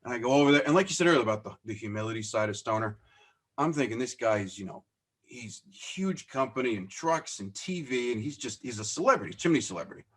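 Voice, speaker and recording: This business owner, appearing as a podcast guest, speaks quickly in a mid-range voice with a breathy edge. Telling stories in a casual interview, he acts out what people said and keeps chuckling at himself in a self-deprecating way.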